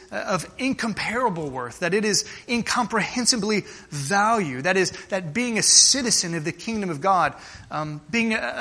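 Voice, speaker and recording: Earnest high-voiced male preacher. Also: sharp tone. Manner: earnest, with frequent restarts and slowed emphasis. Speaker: pastor. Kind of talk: sermon.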